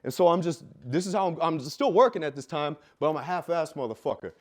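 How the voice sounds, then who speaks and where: A man telling a raw personal story with heavy swearing, dropping low and quiet, then bursting out loud. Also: expressive, quick pace. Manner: profane, intense, swings from quiet to loud; loud, self-described. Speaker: fitness business coach telling his life story.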